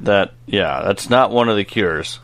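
A man's voice: fairly low pitch, measured pace, a bit bright, dry recording. Joking man reviewing a cartoon. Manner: joking, rambling, laughs often. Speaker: podcast co-host. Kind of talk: casual review chat.

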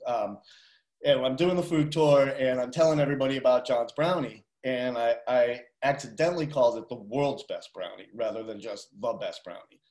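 Radio food show guy, tells stories all animated, sounds kinda echoey like a big room. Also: mid-range voice, moderate pace. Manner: animated storyteller. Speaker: radio show co-host and food tour guide. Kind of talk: casual radio chat.

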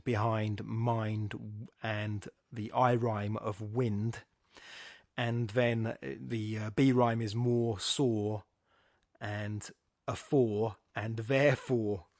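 A man's voice: fairly low pitch, dry recording, studio quality. A man giving an informal, rambling talk that explains a sonnet, often correcting himself as he thinks aloud. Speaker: poetry podcast host. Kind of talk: informal spoken lecture on a sonnet.

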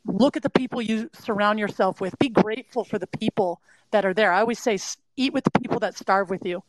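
A woman's voice: medium pitch, brisk, no room sound, low-quality recording. A middle-aged woman from California, an interview guest giving earnest, emphatic mindset advice to athletes, full of "you know" fillers. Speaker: mindset and performance adviser. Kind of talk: interview guest, motivational talk.

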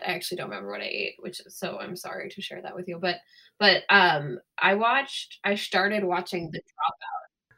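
A woman co-hosting a casual podcast, spinning a rambling, chatty story. Her voice sits a little low but rings bright and clear. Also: animated, normal speed. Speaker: podcast co-host. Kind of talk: casual chat.

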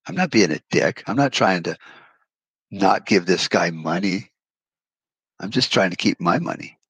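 A middle-aged man with a very low, husky voice delivers a profane, blunt rant into a close podcast mic. The room sounds dry and dead, and he leans on folksy comparisons to make his point. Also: fairly bright tone, no echo, low-quality recording. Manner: blunt, swears freely, folksy analogies. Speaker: podcast host.

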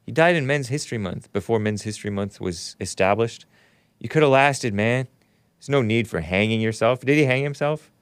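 Male live-stream host, mid-pitched, mocking and opinionated, close dry mic. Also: moderate pace, smooth, no room sound. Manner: sarcastic, mocking, reads chat aloud.

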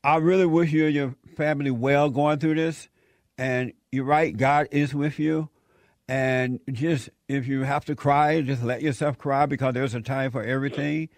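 A man's voice: mid-range voice, fairly even intonation, normal speed, no echo. An older man hosting a radio talk show, consoling a caller and repeating praise.

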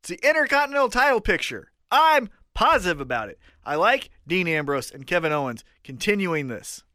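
High-voiced man, bright and lively. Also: a little fast, no echo, clean studio sound. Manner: teasing, laid-back, swearing. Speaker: podcast co-host. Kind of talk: casual chat.

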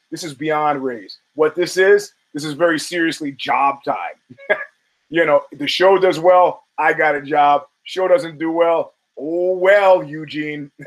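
A man's voice: a little high, low-quality recording. A man hosting his own podcast, talking bluntly with profanity and laughing asides. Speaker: podcast host. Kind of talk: casual podcast monologue. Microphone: camera and studio mic.

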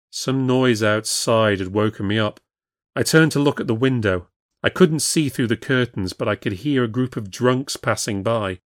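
A man giving scripted narration of a ghost story, reading in a measured, steady way. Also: mid-range voice, dry recording, clean studio sound.

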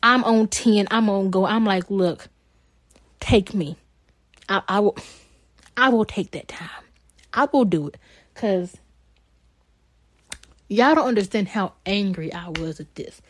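A woman's voice: mid-range voice, slow pace, pauses often, no room sound. A young woman, bluntly and heatedly telling a story on a casual podcast, swearing freely. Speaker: podcast co-host.

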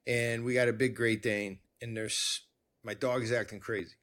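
A man hosting a conversation, telling a personal story in a rambling, animated way with many restarts. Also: medium pitch, moderate pace. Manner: rambling, self-interrupting, animated. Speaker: podcast host.

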